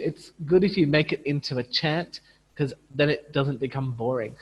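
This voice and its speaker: A man's voice: medium pitch, brisk, slightly rough, in a large hall, muffled recording. A man running an online teacher training, demonstrating phonics sounds and chanting prompts as he would to young learners.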